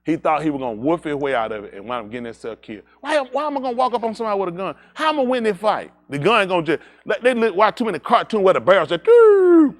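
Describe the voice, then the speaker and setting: A man with a high voice that swings widely up and down, telling a loose, laughing anecdote at a congregation's livestream. He circles back on himself, repeats "I said" again and again, then turns preachy and warns young people directly. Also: very fast, few pauses. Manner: animated, repeats "I said", laughs through the story. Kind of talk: anecdotal storytelling with a moral.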